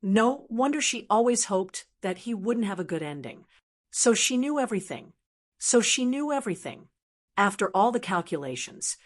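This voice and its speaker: Woman audiobook narrator, mid-pitched, steady scripted reading.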